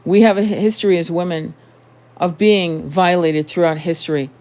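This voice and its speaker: A woman's voice: fairly low pitch, fairly even intonation, moderate pace, darkish tone. A woman in her thirties giving an impassioned monologue to camera, blunt and emphatic, with frequent swearing and rhetorical questions. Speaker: tarot channel host.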